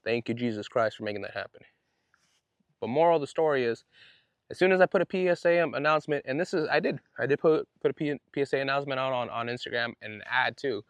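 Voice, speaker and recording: A man's voice: mid-range voice, fast talker, clean tone, dry recording. A man hosting his own podcast, telling a story in an indignant, fired-up way with casual slang. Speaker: podcast host. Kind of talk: solo podcast monologue.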